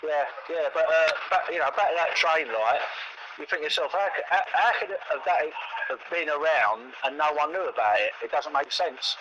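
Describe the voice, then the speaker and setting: A man's voice: a little high, brisk, highs cut off. A man chatting casually, rambling and repeating words as he tells stories, with lots of quoted dialogue. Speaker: co-host. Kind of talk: casual chat. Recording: noisy home recording.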